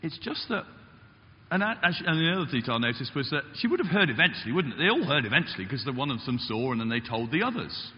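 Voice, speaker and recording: A male pastor delivers a sermon with a lively, swooping delivery, sometimes acting out the voices he quotes. The sound is slightly dull and carries a long church reverb. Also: fast. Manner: animated, acts out quotes with big pitch jumps. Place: church hall.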